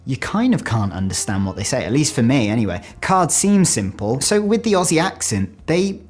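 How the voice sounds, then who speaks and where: A chatty British man talking straight to camera, with a middle-pitched voice and faint music underneath. He pokes fun at himself and tells his story with animated ease. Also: moderate pace. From United Kingdom. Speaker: video creator. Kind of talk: casual talking-head video.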